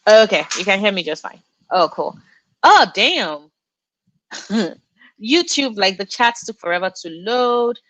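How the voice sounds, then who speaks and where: A woman's voice: mid-range voice, big pitch swings, a little slow, pauses often, a bit bright, no echo, low-quality recording. Effusive young woman on a livestream. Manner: effusive, reads out chat and gushes, frequent laughs. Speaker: booktube livestream host. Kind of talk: casual livestream chat.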